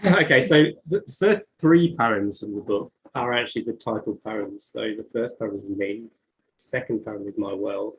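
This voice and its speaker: A man's voice: on the low side, normal speed, low-quality recording. Hesitant New man reading poetry. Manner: hesitant, many fillers and restarts. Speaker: poet and author. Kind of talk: conversational interview, reading poetry aloud.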